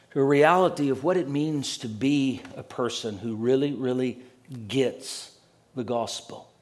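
Building each point through repetition, an earnest man preaches a sermon. His voice falls low and quiet as his phrases end.

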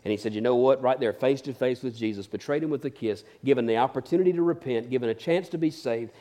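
Preacher guy, warm low tone, sermon that goes big then drops to almost a whisper. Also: fast. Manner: swings from loud emphatic peaks to hushed near-whispers.

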